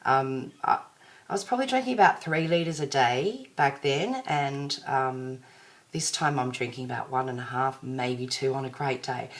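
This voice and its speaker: Low-voiced chatty Australian woman. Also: moderate pace. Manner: chatty, rambling, self-deprecating. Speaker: vlogger. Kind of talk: casual diet vlog to viewers.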